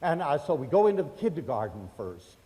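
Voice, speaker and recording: An older man from the United States telling personal stories to an audience, chatty and animated, acting out the voices of the people in them. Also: fairly high pitch, a little fast. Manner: animated, acts out quoted voices, chatty fillers. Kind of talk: storytelling lecture to an audience. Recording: hall reverb.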